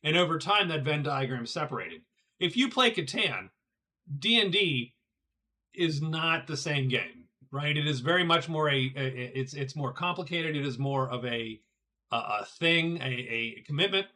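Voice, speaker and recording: His voice is a little high and pushed bright, with lively intonation at a normal pace. The middle-aged streamer talks casually to viewers during a solo board game, thinking out loud and frequently stumbling or repeating himself.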